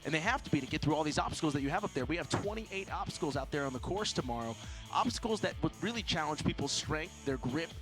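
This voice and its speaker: A man's voice: fairly high pitch, fast. Male sports commentator, somewhat raised voice, emphatic, over a music bed. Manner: energetic, emphatic lists. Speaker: race commentator and gym owner. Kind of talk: live sports preview commentary.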